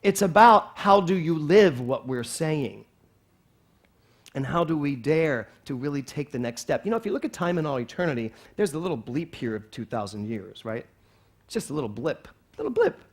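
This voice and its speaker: A man in his sixties preaching a sermon as a minister in a church, animated, swinging from soft passages to loud exclamations. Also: a little high, moderate pace. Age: 60s.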